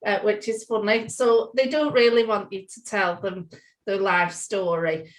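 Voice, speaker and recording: A woman co-leading an online workshop over a video call, upbeat and practical and quick to laugh. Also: a little high, expressive, poor audio. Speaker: workshop co-facilitator.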